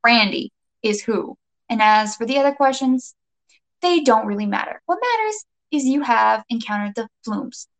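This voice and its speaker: A woman voicing a brash, confident female laundromat fighter, sarcastic and brisk. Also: high-pitched, expressive, pitched above the performer's own voice.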